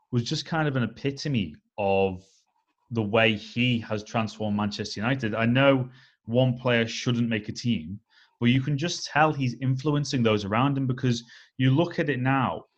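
A man co-hosts a relaxed football podcast, setting out his views in a measured, analytical way and often pausing on "um". His voice sits at a middle pitch. The audio is a little dull and lo-fi. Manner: measured, analytical, leans on "I think" and "um". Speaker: podcast co-host. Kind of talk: casual football chat.

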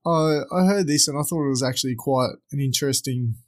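A man's voice: mid-range voice, fairly quick. Laid-back young Australian man. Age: young adult. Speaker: podcast co-host. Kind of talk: casual banter.

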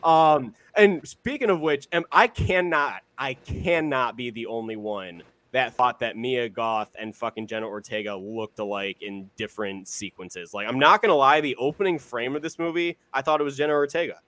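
A man's voice: medium pitch, normal speed, hardly any pauses, a bit bright, no room sound. A young man co-hosting a podcast, talking in a rambling, casual way with many fillers and some swearing. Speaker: podcast co-host. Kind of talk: casual chat.

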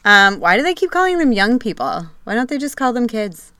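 A woman's voice: a little high, sing-song, fairly quick, pushed and bright, dry recording, studio quality. A woman co-hosting a podcast, chatting casually, laughing often and asking questions. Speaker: podcast co-host. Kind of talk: casual chat.

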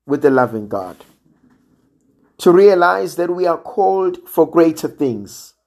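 A man preaching a sermon in a slow, measured way, sometimes dropping almost to a hush for emphasis. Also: on the high side. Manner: slow and measured, drops to near-quiet emphasis.

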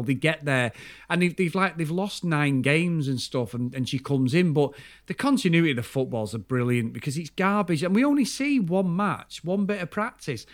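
Male podcast co-host, fairly high and very lively, animated and sweary storyteller. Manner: animated, swears freely, tells school anecdotes. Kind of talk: casual film review chat.

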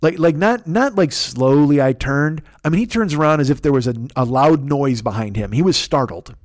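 A man's voice: on the high side, animated, normal speed, dry recording, studio quality. A man hosting a podcast, telling a comic story in a profane, exasperated way. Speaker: podcast host. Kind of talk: comedic storytelling.

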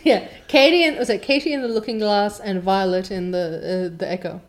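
A woman's voice: medium pitch, a little fast. A woman host who reads a novel aloud and chats about it in a casual, rambling way. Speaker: reader and podcast host.

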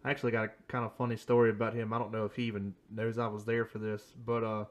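A man's voice: on the low side, level tone, quick pace, lo-fi sound. A man in his thirties hosting a casual podcast, laid-back and rambling, laughing at his own jokes. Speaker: podcast host.

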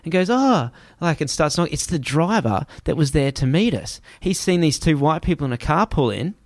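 A man's voice: on the high side, fairly quick, no echo. Aussie guy telling a wild travel story, swears a lot, does the voices, dry close sound. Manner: animated, swearing, acts out voices. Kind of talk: casual storytelling.

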